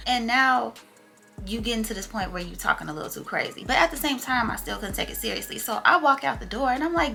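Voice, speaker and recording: A woman's voice: medium pitch, vocal fry. A young woman vlogger telling a story in casual, slangy chat and acting out what people said. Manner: animated, slangy storytelling that acts out quotes.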